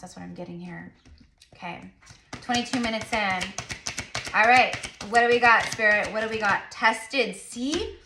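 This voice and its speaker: Bright-voiced woman giving a tarot reading. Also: mid-range voice, roomy sound. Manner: rambling, many fillers, repeated affirmations. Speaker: tarot reader and psychic. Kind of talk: casual spiritual reading to camera.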